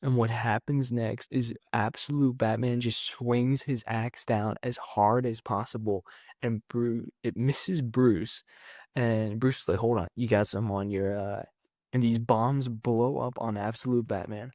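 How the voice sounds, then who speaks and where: A man host casually recapping a comic book issue, rambling and excitable, acting out the characters' lines as "he's like". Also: mid-range voice, measured pace, no room sound, clean studio sound.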